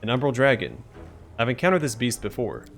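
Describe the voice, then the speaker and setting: A man's voice: mid-range voice, big pitch swings, fairly quick, soft background music. Man reading a dry skeptical commander.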